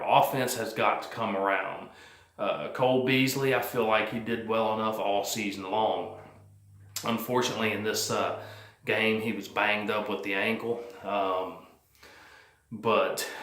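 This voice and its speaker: A man's voice: fairly low pitch, fairly bright tone, roomy sound. A man vlogging his post-game thoughts on his team, rambling and plain-spoken with many fillers. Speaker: sports fan vlogger. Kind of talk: casual post-game commentary. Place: cold house, indoors.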